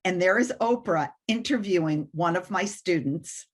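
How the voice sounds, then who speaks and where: A woman's voice: on the low side, expressive, moderate pace. A woman guest on an interview, telling a personal story with animation and self-deprecating humor. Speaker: guest mentor.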